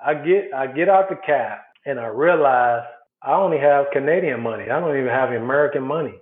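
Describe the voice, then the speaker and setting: A former baseball player from Chicago's South Side tells his story as an interview guest, animatedly acting out the people and quotes in it. His voice is medium-pitched at a moderate pace. The recording sounds echoey and phone-like.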